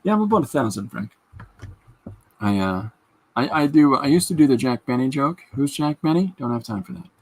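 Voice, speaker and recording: A man's voice: medium pitch, animated, brisk, pauses often, darkish tone, breathy edge. A man in his fifties hosting a podcast, chatting in a rambling way and reading out viewer comments. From Canada. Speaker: podcast host. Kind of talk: casual livestream chat.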